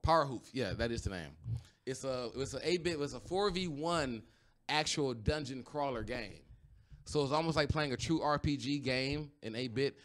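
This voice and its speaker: Co-hosting a podcast, a man chats casually and loosely, rambling with plenty of fillers and restarts. He speaks at a normal pace in a medium-pitched, slightly bright voice with lively intonation.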